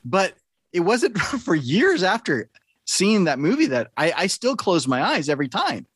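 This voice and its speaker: A man's voice: sits high, big pitch swings, unhurried, a bit bright, husky, no echo. A middle-aged man, a podcast host, chatting casually and telling an earnest story.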